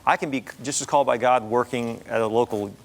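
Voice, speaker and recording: A man's voice: mid-range voice, steady tone, fast. A man hosting a Christian TV talk show, asking questions in an easygoing, conversational way and affirming his guest. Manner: casual, conversational, affirming with short replies. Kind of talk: interview questions. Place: TV studio talk set.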